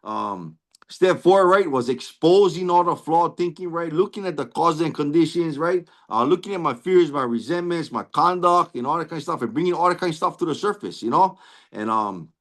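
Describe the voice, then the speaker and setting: Earnest Hawaiian man with lively swings. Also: on the high side. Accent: Hawaiian Pidgin-inflected English. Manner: tags nearly every phrase with "right?", earnest and repetitive; frequent restarts and stammered repeats. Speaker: recovery meeting speaker. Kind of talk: personal recovery testimony.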